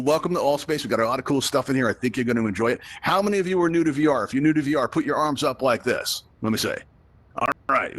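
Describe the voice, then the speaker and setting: There's no room sound as this Brooklyn, United States man, a virtual reality host and instructor, talks in a medium-pitched, slightly bright voice. He runs the live tutorial in a chatty, joking way, often asking "right?"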